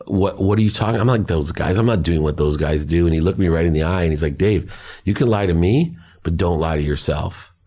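Guest spot: middle-aged man, very low voice, earnest storytelling. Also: a little fast, dark tone. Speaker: podcast guest. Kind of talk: personal storytelling.

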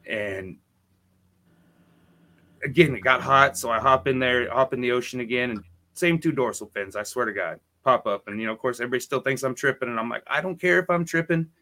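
A man's voice: mid-range voice, a little fast. Profane rambling male storyteller. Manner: rambling, profane, animated quoting. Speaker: podcast co-host. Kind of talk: casual storytelling.

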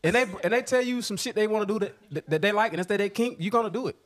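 A podcast co-host with an Atlanta accent in casual chat, making crude jokes. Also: mid-range voice. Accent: Southern US, Atlanta. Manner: fast, animated, crude joking.

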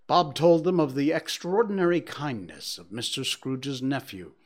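A man reading a classic story aloud, measured and hushed in quiet passages. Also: medium pitch, expressive. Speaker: narrator.

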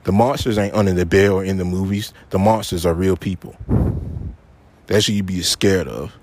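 A man with a low-pitched, darkish voice rants alone on his podcast at a normal speed. Upset and frustrated, he curses heavily and keeps repeating his points for emphasis.

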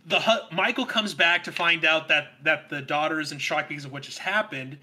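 A young man on a casual movie review podcast, with a high, very bright and sharp voice. He recounts scenes animatedly, with emphatic asides. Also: fairly quick. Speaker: podcast co-host. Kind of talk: casual film review chat.

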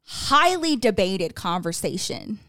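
A young woman co-hosting a podcast in casual chat, telling stories in an animated, teasing way with plenty of cursing. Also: mid-range voice, slow, dry recording, studio quality. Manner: animated storytelling, profane and teasing. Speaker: podcast co-host.

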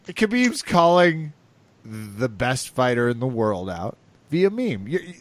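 A man's voice: mid-range voice, sing-song, takes it slowly, no room sound. A man co-hosting a sports podcast, joking and teasing his co-hosts in casual banter. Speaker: podcast co-host.

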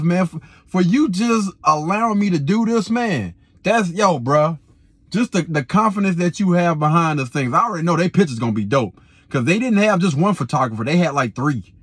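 A man in his twenties, a videographer, telling a story in a casual, slangy, animated way. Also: sits high, slightly rough, no room sound. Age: 20s. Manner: animated, slangy, repeats himself.

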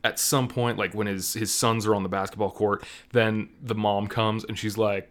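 A man hosting a casual movie review chat, animated and sarcastic, laughing often. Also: fairly low pitch, moderate pace, few pauses. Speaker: movie review podcast host.

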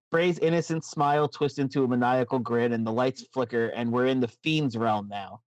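A man's voice: medium pitch, normal speed, hardly any pauses, no room sound. A man co-hosting a casual podcast, telling a made-up show story in a chatty way. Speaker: podcast co-host. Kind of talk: casual chat, recapping a made-up wrestling show.

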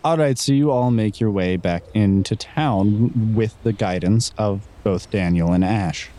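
A man's voice: lowish voice, unhurried, warm tone. A man acting as game master, narrating a tabletop game in a playful way.

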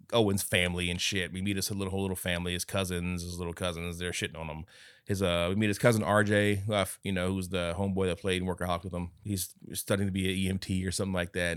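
A man's voice: low-pitched, clear, resonant tone, no room sound, studio quality. A man co-hosting a podcast, recapping a movie in casual, profane chat and acting out characters' lines with laughter. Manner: swears often and acts out lines, laughing. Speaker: podcast co-host.

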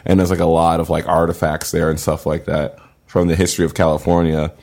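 A man's voice: rumbling low, flat delivery, brisk, darkish tone. A young man telling a funny story in casual podcast chat, laughing often and acting out his own reactions. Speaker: podcast guest, comedian.

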